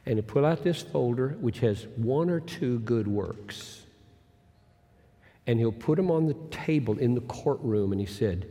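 A male pastor preaching a sermon, moving from booming, drawn-out emphasis to hushed, near-whispered lines. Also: lively intonation. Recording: long hall reverb.

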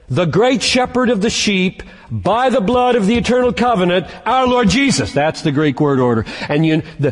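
A man preaching a sermon as pastor, emphatic and slowing down to stress key words. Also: high-pitched, breathy edge. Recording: long hall reverb.

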